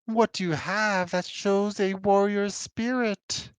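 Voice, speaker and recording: Man putting on a calm otherworldly creature, higher voice, slow and grand, dry sound, tabletop game. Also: clean tone, no echo. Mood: solemn. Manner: slow, measured, lofty pronouncements. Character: serene all-knowing crystal creature, calm and grand.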